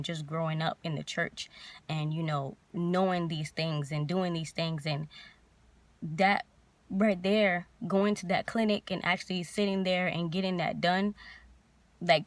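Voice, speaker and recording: A young woman vlogger telling a painful personal story in a halting, emotional way, near tears. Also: on the low side, no room sound.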